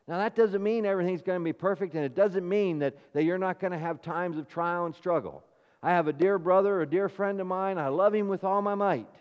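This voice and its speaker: A pastor preaches a sermon, his voice sitting a little high for a man. He pushes hard on key phrases, then falls back to quieter, confiding asides. A long hall reverb trails behind every line. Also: brisk, clear, resonant tone, dull audio. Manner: emphatic preaching with rising and falling intensity.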